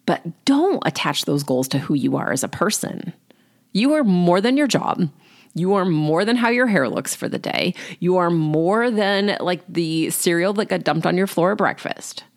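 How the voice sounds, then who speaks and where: A woman life coach talking through a solo podcast episode in an encouraging, conversational way, with casual fillers. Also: fairly low pitch.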